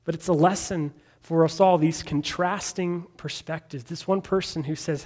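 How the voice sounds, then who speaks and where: A man delivering a sermon with a slightly high voice. He talks in a relaxed, conversational way and retells the scripture story in his own words. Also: moderate pace, few pauses. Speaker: preacher.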